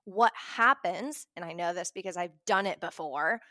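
A young woman talking casually to camera about money, chatty and animated, acting out her own reactions. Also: fairly low pitch, a little fast, dry recording, studio quality. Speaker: personal finance vlogger.

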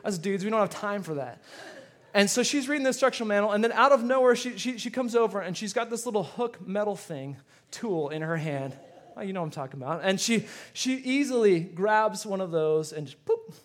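A man's voice: sits high, a little fast. A middle-aged male pastor preaching a sermon, telling stories with repeated words and rising emphasis.

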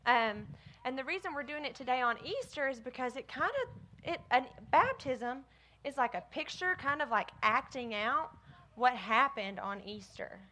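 A woman giving a lively children's sermon, talking straight to the kids. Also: high-pitched, moderate pace, slight background noise. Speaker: children's minister.

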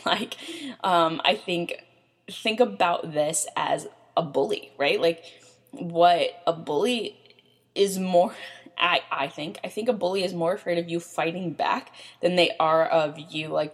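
A young woman hosts a casual self-help podcast. Her voice sits a little low, and she talks in a loose, chatty way. She leans on fillers and keeps checking in with "right?". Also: breathy edge. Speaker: podcast host.

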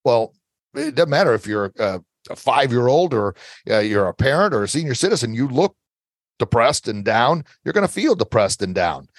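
A man's voice: medium pitch, big pitch swings, moderate pace, dry recording. A middle-aged man giving earnest, motivational self-defense advice as an interview guest, coaching listeners and repeating his key phrases.

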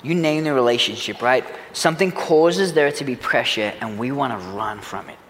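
A man preaching a sermon as a pastor, earnest, swinging from loud urgency to hushed reflection. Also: medium pitch, normal speed, long reverb tail, a little hiss or hum. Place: church sanctuary.

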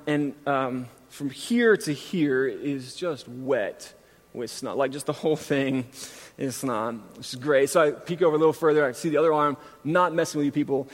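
A pastor in his thirties preaching a sermon, moving from scripture into a self-deprecating, animated family story. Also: fairly high pitch. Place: church sanctuary. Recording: long reverb from a large hall.

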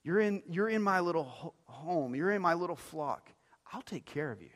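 A middle-aged pastor delivering a sermon, swinging between quiet, intimate phrases and loud, emphatic ones, often repeating words as he builds a point. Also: fairly high pitch, expressive, normal speed. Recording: long reverb of a large hall.

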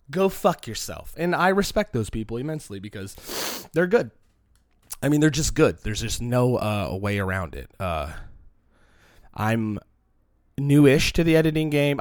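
A man's voice: mid-range voice, no echo, studio quality. A man and comedian rambling in a casual, profane vlog monologue to a phone camera, his voice a little shaky. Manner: profane, rambling, animated with mocking quoted voices. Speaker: comedian self-producing a video. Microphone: phone used as camera.

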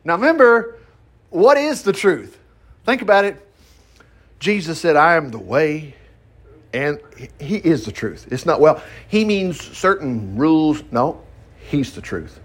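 A man's voice: fairly high pitch, lively intonation, unhurried, pauses often, a bit bright. A man leading a casual Bible study, reading scripture aloud and riffing on it in a folksy, conversational way with asides. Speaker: pastor. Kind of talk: informal Bible study sermon.

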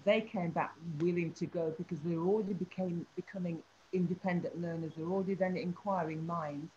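A woman tells a story from her teaching work, full of life and acting out each person she describes. Her voice sits at a middle pitch. The recording is a little dull, with a faint hum behind her. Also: fairly quick. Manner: animated storytelling, acts out the people she describes. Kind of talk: anecdote in an interview.

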